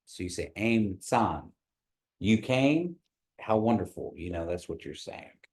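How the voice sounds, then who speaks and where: Patient low-voiced man teaching a class. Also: big pitch swings, a little mellow. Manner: patient, encouraging, slows down to model tones. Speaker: language teacher.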